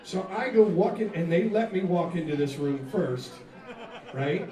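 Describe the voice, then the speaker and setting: A man, a rock singer, telling a profane, animated story between songs at a live music venue, laughing and acting out the scene. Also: sits high, unhurried. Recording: echoey live room, mic far off, loud crowd.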